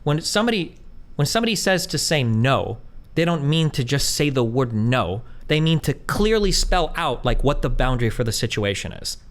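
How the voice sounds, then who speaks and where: A man arguing heatedly in an online debate, fast and exasperated. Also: mid-range voice, very animated. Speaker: debate streamer.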